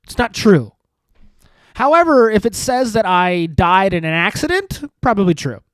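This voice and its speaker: A man hosting a solo comedy podcast, rambling through self-mocking dark jokes and sarcastic asides. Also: sits high, very animated, moderate pace, no room sound. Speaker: podcast host.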